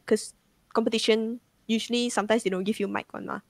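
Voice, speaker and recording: A woman's voice: fairly high pitch, fairly even intonation, fast, no room sound. A young woman tells a ghost story casually, rambling with lots of "like" and swearing. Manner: rambling, full of "like" fillers and swearing.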